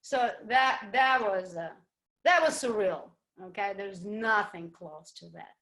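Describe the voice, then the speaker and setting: A woman ballroom dancer and teacher telling stories in an interview, animated and expressive and sometimes searching for words. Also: medium pitch, slow. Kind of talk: interview storytelling.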